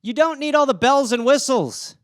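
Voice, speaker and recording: Male comic host, high smooth voice, dry booth sound, rambling solo riffs. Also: normal speed, no echo. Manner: riffing, jumps into goofy character voices mid-sentence. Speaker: podcast host answering listener topics. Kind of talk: solo comedic rant.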